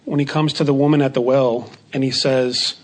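A man teaching a Bible study lesson in a measured way, repeating key phrases for emphasis. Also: medium pitch, little pitch movement.

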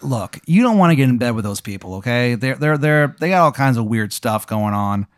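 A man's voice: mid-range voice, lively intonation, brisk, clear, resonant tone, no room sound, clean studio sound, lightly acted. A man voicing a brash, beer-chugging male wizard with a grating Maryland accent. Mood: pushy. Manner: grating, wheedling, boastful.

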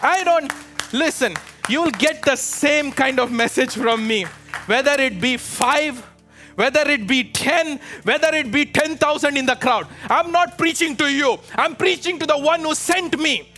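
A man with a high, bright voice preaches a fervent sermon, calling out to his congregation and pressing them to answer. Soft music runs underneath his voice. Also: a little slow. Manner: fervent, exhorting, calls out to the congregation. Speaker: pastor. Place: church with a live congregation.

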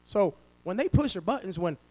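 High-voiced man preaching a sermon. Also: lively intonation, fairly quick, rough recording. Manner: preaching with wide swings from loud to hushed; acts out quoted voices. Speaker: pastor.

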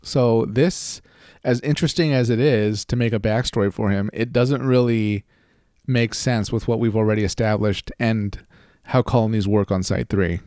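A man co-hosting a podcast in casual chat, animated and laughing often, his voice jumping up when he gets excited. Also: on the low side, moderate pace, clean tone, no room sound, studio quality. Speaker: podcast co-host.

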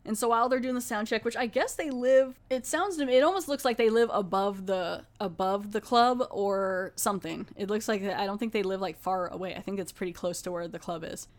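Brief: woman podcast host, casual recap, chatty with lots of fillers, mid pitch. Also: brisk, hardly any pauses. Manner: chatty, filler-heavy, often restarts.

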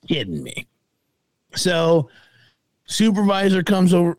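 Animated, swearing man telling a story. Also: fairly high pitch, normal speed, no echo. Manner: animated, profane, acts out other people's lines. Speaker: podcast co-host. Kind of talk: casual storytelling chat.

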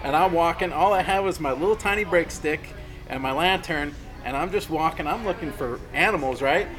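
A man's voice: on the high side, fairly quick, music in the background, low-quality recording. A man who works on the railroad, telling stories in a casual chat and acting out the voices of the people in them. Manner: animated storyteller acting out dialogue, swears casually. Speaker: railroad worker.

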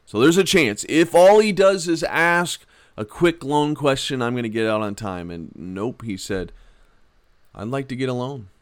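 A man teaching a Bible lesson on his podcast, telling a self-mocking everyday story in a conversational way, then gently urging listeners on. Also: mid-range voice, animated, unhurried, clean tone, no echo, clean studio sound. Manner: earnest, gently exhorting. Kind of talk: casual devotional podcast talk.

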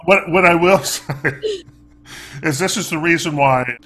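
A man's voice: a little high, unhurried, a bit bright. A man co-hosting a casual book discussion. He jokes and laughs often. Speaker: podcast co-host.

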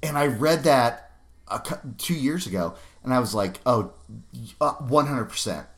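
A man's voice: medium pitch, lively intonation, normal speed, fairly bright tone, breathy edge. Laughing, foul-mouthed male podcast host. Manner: laughs often, curses freely. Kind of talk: casual chat.

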